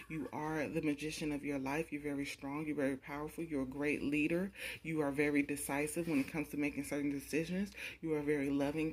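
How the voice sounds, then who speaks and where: A woman's voice: sits low, husky. A young woman doing a casual pick-a-card tarot reading, talking bluntly and with a lot of cursing straight to the viewer. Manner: blunt, profane, repetitive, talks straight to the viewer.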